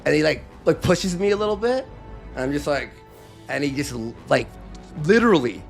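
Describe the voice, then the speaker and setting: A man's voice: on the high side, normal speed, gravelly, soft background music. A man telling a long story in a casual, profane way, acting out what others said. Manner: profane, animated, acts out quotes. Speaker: podcast host.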